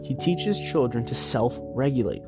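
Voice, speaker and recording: A man's voice: mid-range voice, animated, unhurried, over music. Rambling man musing without a mic. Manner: rambling, self-interrupting, musing aloud. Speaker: podcast host. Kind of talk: casual solo musing. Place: workplace. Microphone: no microphone, recorded at work.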